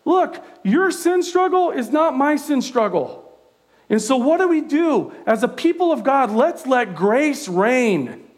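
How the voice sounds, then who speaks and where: A middle-aged pastor from California delivers a sermon in a lively, conversational way, telling stories from his own life. His voice sits high for a man. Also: unhurried. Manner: conversational, animated storytelling preacher.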